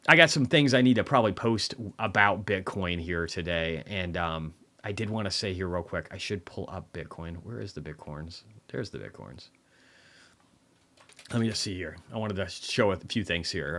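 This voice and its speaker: A man's voice: sits low, normal speed, pushed and bright. Tired, profane male market streamer. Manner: profane, rambling, offhand. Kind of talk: casual livestream talk.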